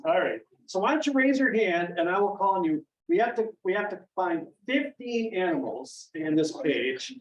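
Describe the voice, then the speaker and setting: A man's high-sitting voice moves at normal speed with few pauses as he, a middle-aged Maine children's author, spins stories for children and families at the library. He's animated, acting out the voices of people in his tales. The echoey event room is picked up dully from a distance.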